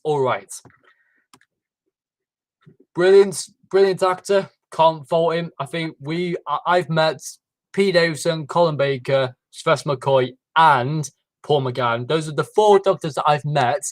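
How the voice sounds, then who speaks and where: A man's voice: on the high side, unhurried, dry recording, low-quality recording. A man hosting a casual livestream, rambling with many fillers and restarts. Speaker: livestream host. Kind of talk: casual chat.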